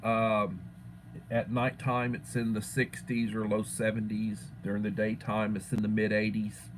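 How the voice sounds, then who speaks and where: A man's voice: on the low side, monotone, unhurried, slight background noise, rough recording. A middle-aged man from Texas hosting a casual livestream chat, greeting viewers by name and repeating words as he thinks. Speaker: livestream host.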